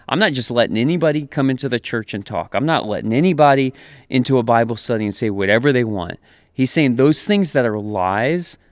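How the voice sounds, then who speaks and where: Casual, animated man preaching in a dry sound. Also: medium pitch, no echo. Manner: casual and animated, laughing often, acting out quotes. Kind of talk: conversational sermon.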